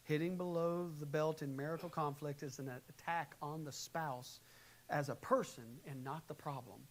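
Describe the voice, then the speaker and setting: A man preaching a sermon in a church, animated, shifting between quiet, calm advice and loud, acted-out quotes. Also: a little high, normal speed, low-quality recording. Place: church sanctuary. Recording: faint hiss, live church recording.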